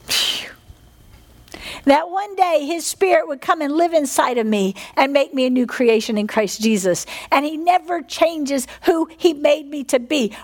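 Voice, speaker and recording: A woman's voice: very high voice, creaky. A middle-aged woman preaching a fervent sermon, often asking her listeners for an "Amen". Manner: fervent, animated, asks the congregation "Amen?".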